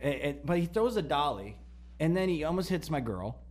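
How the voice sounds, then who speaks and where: An excitable man co-hosting a podcast. His voice sits fairly high and swings widely in pitch, and he trips over his words as he restarts sentences. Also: brisk. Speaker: podcast co-host. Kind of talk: casual chat.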